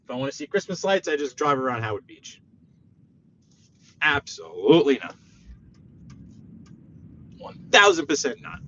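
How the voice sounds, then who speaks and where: A man with a New York accent, chatting casually on a live stream while he drives, reading viewer messages aloud and breaking into animated outbursts. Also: on the high side, fast, few pauses, muffled recording, a little hiss or hum. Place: inside a car.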